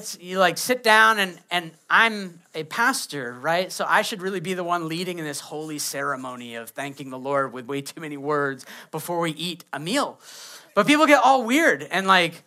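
A man's voice: high-pitched, lively intonation, moderate pace, pushed and bright. A man, preaching a sermon as pastor and acting out quoted kids and prayers.

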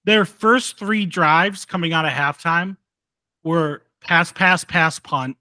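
A man's voice: on the high side, slow pace, bright, forceful tone, no room sound. A man co-hosting a casual sports podcast who tells jokey bits and curses now and then. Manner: joking, storytelling, swears. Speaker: podcast co-host.

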